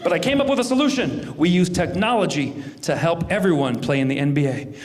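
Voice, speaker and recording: Man, stand-up comic, animated delivery, high voice, loud crowd noise, club stage. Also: a little fast. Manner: energetic storytelling, acting out dialogue. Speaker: stand-up comedian. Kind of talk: stand-up comedy set.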